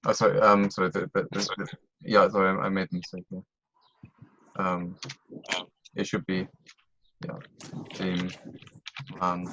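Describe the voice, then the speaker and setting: Patient low-voiced male language tutor. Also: completely flat delivery, measured pace, long pauses, muffled recording, noisy background. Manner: patient, explains step by step with frequent checks. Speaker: German tutor. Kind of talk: online tutoring lesson.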